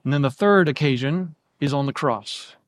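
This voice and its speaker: A man's voice: fairly high pitch, normal speed, no room sound. A man giving a verse-by-verse Bible teaching, explaining the text and laying out each possible reading step by step. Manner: explanatory, lays out options step by step.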